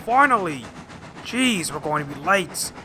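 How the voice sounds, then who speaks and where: A man's voice: fairly high pitch, big pitch swings, a little slow, noisy background. A man voicing an impatient, bossy male steam engine who huffs and barks orders. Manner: huffy, shouting orders.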